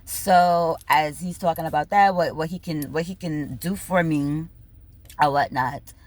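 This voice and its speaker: A woman telling a story in a casual rant, animated and bubbly, swearing freely and acting out both sides of conversations, laughing now and then. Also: deep voice, unhurried, a little hiss or hum. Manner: bubbly, laughs between lines. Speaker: vlogger.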